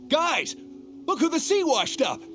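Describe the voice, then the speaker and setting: A man's voice: extremely high pitch, very animated, a little slow, a bit bright, soft background music, exaggerated voice. An actor playing a jovial, admiring male sailor in a video game.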